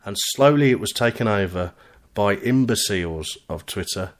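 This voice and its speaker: A man's voice: on the low side, moderate pace, a little hiss or hum. A British man hosting a live podcast, full of cheeky banter. He reads out listeners' chat messages and teases his co-host in a loose, joking way. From United Kingdom. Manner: lively, teasing banter reading out chat messages.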